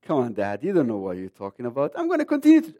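A man's voice: medium pitch, wildly swooping pitch, very fast, mellow, highs cut off, pitched below the performer's own voice. Brief: defiant young boy, cheeky and dismissive, voiced by a man. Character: defiant young boy talking back to his dad.

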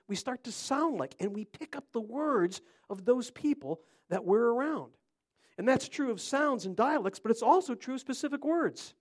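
A middle-aged man from Ohio preaching an interactive sermon, chatting with his listeners and quizzing them by name. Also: very high voice. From Cleveland, Ohio.

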